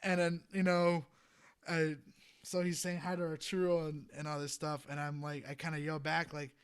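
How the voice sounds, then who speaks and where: A young adult man, a trumpet player, telling a story as a podcast guest in a rambling, animated way, laughing often and filling with "you know". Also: on the high side, normal speed, smooth. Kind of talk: casual storytelling in a podcast interview.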